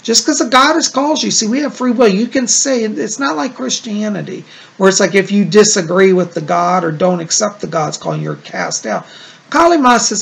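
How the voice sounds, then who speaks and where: A man hosts a casual psychic-reading show and answers viewer letters one by one. His voice swings widely in pitch and carries a gravelly edge. He talks in a chatty, reassuring way, leaning on "like" and "you know.". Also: expressive, moderate pace, fairly bright tone. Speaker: psychic medium host.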